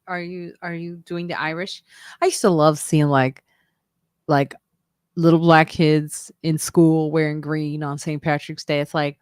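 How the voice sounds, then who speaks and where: A woman's voice: deep voice, no echo, studio quality. A woman hosting a live-stream podcast, chatting casually and joking, laughing often. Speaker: podcast host.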